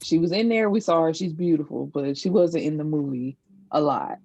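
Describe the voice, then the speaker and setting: A woman's voice: low voice, moderate pace, creaky, dark tone. A woman co-hosting a casual chat podcast, matter-of-fact and skeptical. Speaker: podcast co-host.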